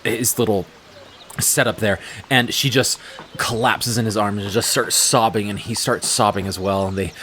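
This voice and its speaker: A man narrating as game master of a tabletop game, describing scenes in an unhurried way with frequent fillers. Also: lowish voice, fairly even intonation, bright, forceful tone, a little hiss or hum.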